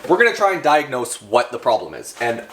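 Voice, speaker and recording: Brief: young male vlogger, mid-range voice, excitable, rambling and filler-heavy. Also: medium pitch, fairly quick, noisy background. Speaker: car channel vlogger. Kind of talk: casual vlog talk.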